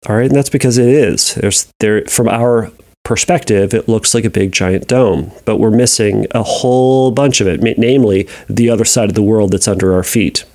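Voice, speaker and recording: A man hosting a podcast, answering a listener's question in a casual, animated monologue, often acting out an inner voice. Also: fairly low pitch, moderate pace. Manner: animated, talks through examples in acted inner voices, restarts often.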